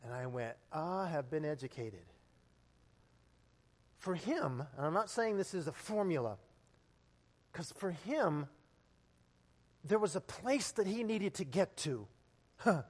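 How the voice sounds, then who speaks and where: A pastor preaches in a high, bright-toned voice that rings out with a long reverb tail. He tells stories in a conversational way, then climbs to loud, emphatic peaks. The sound is that of a church sanctuary. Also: sing-song, a little slow, pauses often, husky. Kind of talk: sermon.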